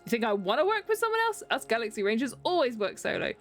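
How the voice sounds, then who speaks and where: A British woman reading the lines of a gruff, foul-mouthed male cowboy robot from a game, in a brash tone. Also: on the high side, very animated, fast talker, soft background music, voice pushed up. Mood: annoyed. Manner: brash, cursing.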